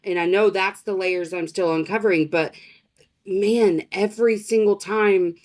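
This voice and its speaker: A woman's voice: medium pitch, fairly even intonation, measured pace, darkish tone. A woman guest on a podcast, talking candidly and expressively, swearing freely in casual conversation.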